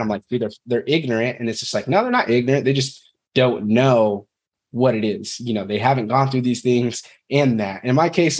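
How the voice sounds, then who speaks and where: A podcast guest in his thirties, with a mid-range, darkish voice, tells his personal story frankly. He rambles and curses casually now and then.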